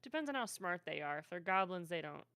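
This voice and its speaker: A woman's voice: on the low side, big pitch swings, quick pace, fairly bright tone. Laid-back woman laughing her way thru a gaming podcast chat. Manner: giggly, easygoing. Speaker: dungeon master and co-host. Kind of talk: casual chat about tabletop gaming.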